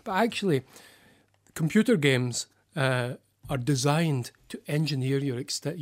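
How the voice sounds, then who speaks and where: Scottish psychologist guest, mid-pitched male voice, thoughtful, halting explainer, radio interview.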